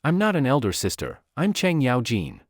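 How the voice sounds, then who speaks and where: A man's voice: mid-range voice, wildly swooping pitch, moderate pace, dry recording, studio quality. A man voicing an offended male general who growls through clenched teeth.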